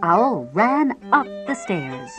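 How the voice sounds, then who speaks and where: Slow, animated woman reading a children's story. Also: mid-range voice. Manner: slow, expressive read-aloud storytelling. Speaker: storybook reader. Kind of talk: reading a children's picture book aloud. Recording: violin music playing underneath.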